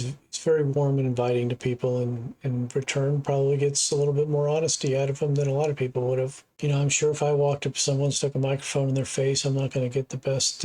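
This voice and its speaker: A man's voice: mid-range voice, a little mellow, rough recording. A middle-aged man from the United States, hosting a reaction video and talking in a plainspoken, rambling way. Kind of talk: casual commentary.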